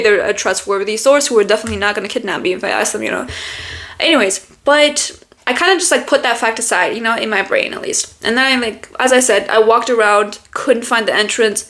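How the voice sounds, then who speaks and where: A woman's voice: mid-range voice, a bit bright. A young woman from Germany whose first language is German, rambling through a casual story as a podcast host, with constant fillers and swearing.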